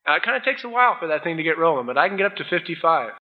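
Animated preacher man, dull lo-fi sound. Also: fairly high pitch, racing. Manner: animated storytelling, acting out both sides of a courtroom scene. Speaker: pastor. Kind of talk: sermon.

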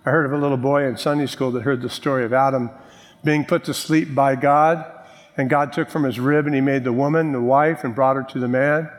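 Man preaching in a reverberant hall. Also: medium pitch. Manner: jokes to the congregation, then stresses key words slowly. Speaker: pastor. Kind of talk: sermon. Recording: long reverb of a large hall.

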